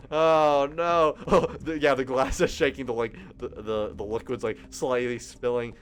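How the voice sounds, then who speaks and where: A man's voice: mid-range voice, fairly even intonation, normal speed, hardly any pauses, soft background music. A man reading a story game aloud, breaking off into giggly, rambling asides. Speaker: let's player.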